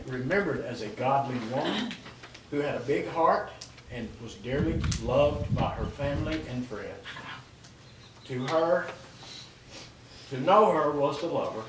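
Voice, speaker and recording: A man reading written eulogies aloud at a memorial in a loud, plain-spoken way, adding asides. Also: on the high side, animated, moderate pace. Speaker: brother-in-law reading eulogies. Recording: echoey, distant, noisy outdoor video.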